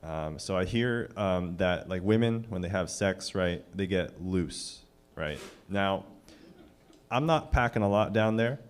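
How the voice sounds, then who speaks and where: A man's voice: low-pitched, unhurried, a little hiss or hum. A young man doing self-deprecating stand-up, hesitant with many filler sounds. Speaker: stand-up comedian. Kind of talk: stand-up comedy. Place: comedy club stage.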